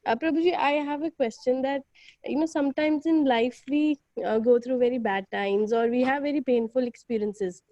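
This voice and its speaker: A woman's voice: sits high, normal speed, dark tone, dry recording. A woman on a video call earnestly asking a question in class. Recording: muffled video call audio.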